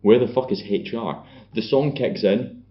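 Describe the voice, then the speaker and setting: A man's voice: fairly low pitch, unhurried. A man co-hosting a podcast, recapping a film in a sardonic, sweary casual chat. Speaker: podcast co-host. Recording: dull lo-fi podcast audio.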